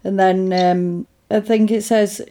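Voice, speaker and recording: A woman's voice: mid-range voice, slow. A woman chatting casually, retelling a film plot and acting out the characters' lines as she goes. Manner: animated storyteller, acts out lines with laughter.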